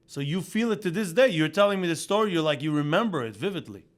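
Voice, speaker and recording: A man's voice: a little high, animated, fast talker. A man hosting a podcast, interviewing a guest with eager interjections and finishing his sentences. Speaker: podcast host.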